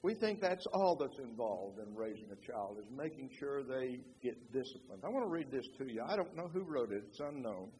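A man's voice: medium pitch, big pitch swings, normal speed, few pauses, darkish tone. A man preaching a sermon, reading a passage aloud with emotional, swelling dramatic delivery. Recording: faint hiss, long hall reverb.

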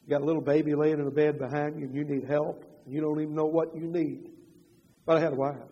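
Older man preaching, husky. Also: fairly high pitch, level tone, fast. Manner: swings from loud emphatic preaching to quiet confessional storytelling. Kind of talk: sermon. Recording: dull reverberant hall.

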